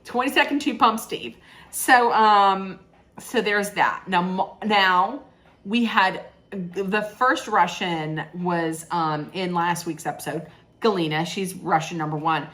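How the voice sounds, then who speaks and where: A woman's voice: lowish voice, slow, fairly bright tone. A woman recapping a reality show in a chatty, sarcastic way, with laughing asides. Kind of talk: casual chat recap.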